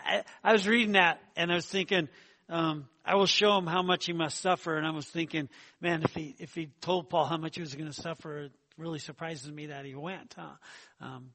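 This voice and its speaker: A man's voice: sits high, fairly bright tone. A middle-aged man giving a sermon, talking conversationally with fillers, repeated words and surges of emphasis. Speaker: preacher.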